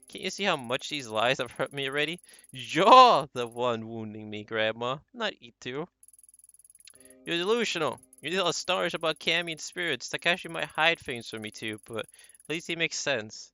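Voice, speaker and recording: A hurt young woman confronts her family, defiant and accusing, read by a man in his ordinary voice. The tone is very bright. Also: medium pitch, lively intonation, moderate pace, no room sound. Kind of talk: reading game dialogue aloud.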